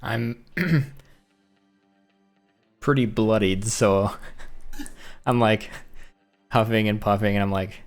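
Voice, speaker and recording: An easygoing man playing a tabletop game, speaking slowly in a low, smooth voice. He laughs easily while faint music plays underneath. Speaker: player. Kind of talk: casual tabletop play.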